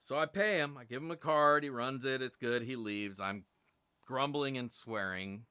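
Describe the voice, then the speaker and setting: A man's voice: medium pitch, moderate pace, bright, forceful tone, smooth, no echo. A middle-aged man hosting a live stream, telling a long, profane, exasperated story about being overcharged. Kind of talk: casual ranting live stream.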